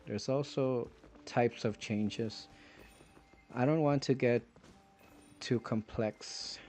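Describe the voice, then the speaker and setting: A man streaming a video game, musing philosophically in halting, rambling phrases between pauses. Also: mid-range voice, a little mellow, faint music behind. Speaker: gaming streamer. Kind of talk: reflective gameplay commentary.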